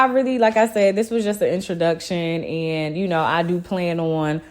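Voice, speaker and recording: A woman talks straight into her own podcast in a loose, personal monologue. Her voice sits notably low, and she speaks with open emotion, often leaning on "you know.". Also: expressive, a little fast, hardly any pauses. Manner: candid and emotional, with frequent "you know" fillers. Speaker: podcast host.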